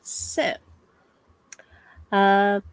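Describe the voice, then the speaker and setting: A woman running a tabletop game as game master, speaking in a slow, hesitant way with many fillers. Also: medium pitch, completely flat delivery, clear, resonant tone, dry recording, rough recording.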